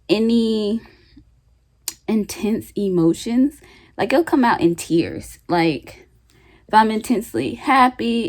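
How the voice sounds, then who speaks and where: Young woman vlogger, casual and emotional, mid-range voice, lots of "like". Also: mid-range voice. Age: young adult. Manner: chatty, emotional, frequent "like" fillers. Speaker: new grad nurse vlogger. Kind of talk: casual storytime vlog.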